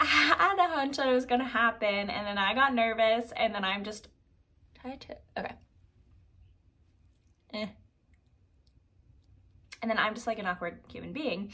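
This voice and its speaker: A young woman in her twenties telling a personal story to camera in a casual, chatty vlog, peppered with "like" and quick asides. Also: on the high side. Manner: chatty, animated, heavy use of "like". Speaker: vlogger.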